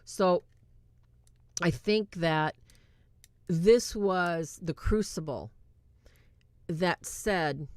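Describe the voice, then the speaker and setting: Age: adult. Sex: woman. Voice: low-pitched, chatty. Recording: dry. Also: extremely slow, pauses often, no echo. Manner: chatty, retells scenes excitedly, checks the live chat. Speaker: host reviewing a movie. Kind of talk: casual livestream movie review.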